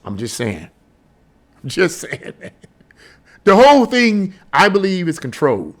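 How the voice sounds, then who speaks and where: High-voiced, scoffing male commentator. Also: wildly swooping pitch, a little slow. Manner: emphatic, scoffing, full of rhetorical questions. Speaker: political commentator. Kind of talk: casual opinion vlog.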